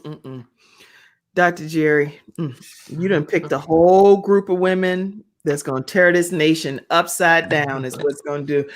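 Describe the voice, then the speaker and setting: A woman hosting an online talk show, emphatic, often repeating herself and humming agreement. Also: on the low side. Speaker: host. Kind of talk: casual chat on a livestream. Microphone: video call.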